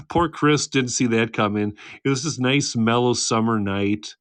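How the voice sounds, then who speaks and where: A man's voice: medium pitch, a bit bright, dry recording. A man in his thirties hosting a casual livestream chat, reading viewer comments, teasing and laughing often. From United States. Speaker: livestream host. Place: home, indoors, by a candle.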